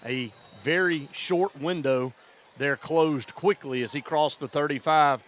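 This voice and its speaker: A man doing play-by-play for a high school football game, building to excited shouts on big plays. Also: a little slow. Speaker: play-by-play announcer.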